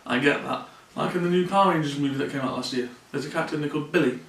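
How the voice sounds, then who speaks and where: A man's voice: on the high side, racing, a bit bright. Man, distant and roomy. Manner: earnest, plainspoken, repeats phrases. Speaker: vlogger. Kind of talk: personal confessional vlog. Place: room in his mother's home. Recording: roomy sound from a distant mic.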